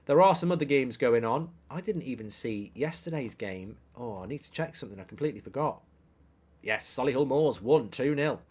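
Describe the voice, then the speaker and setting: Man, middle-aged, football stream host, brash, jokey, opinionated, medium pitch. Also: expressive, brisk, a little mellow, breathy edge. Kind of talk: live-stream football chat, reading viewer comments.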